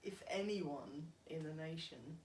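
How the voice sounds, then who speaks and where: A young woman in casual conversation, dry and teasing, quick to laugh. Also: sits low, darkish tone. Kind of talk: casual chat. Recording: roomy, distant mic, faint noise.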